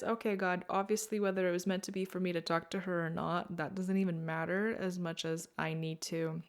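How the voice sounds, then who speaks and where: A woman's voice: on the low side, flat delivery, fairly quick, few pauses. A woman hosting her own podcast, talking candidly and reflectively, full of "like" fillers, dropping to whispered asides and rising in emotional moments. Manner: candid, searching, filler-heavy with frequent "like"; shifts between quiet, whispered asides and raised, emotional moments. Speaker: podcast host. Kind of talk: personal reflective podcast talk.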